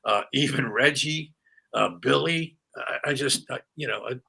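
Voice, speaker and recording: A middle-aged man with a sharp, bright tone spins animated anecdotes as a guest on an interview show. He talks casually, stumbling over restarts and fillers as he goes. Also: mid-range voice, unhurried, gravelly, breathy edge. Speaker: retired sportscaster, guest.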